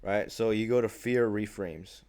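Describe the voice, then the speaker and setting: An eighteen-year-old guy talks to his camera in a loose, slangy vent, dropping "bro" and curse words everywhere. His voice sits a little low, and he acts out other people's lines in quick quoted bits. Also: a little mellow, smooth. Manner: casual slangy talk, says bro a lot, swears freely. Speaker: vlogger. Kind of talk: casual venting monologue.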